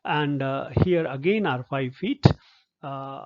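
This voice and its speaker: A man's voice: medium pitch, slow. A man giving a literature lecture, explaining patiently with many hesitant fillers. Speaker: literature professor. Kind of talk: recorded lecture. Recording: dull lo-fi recording.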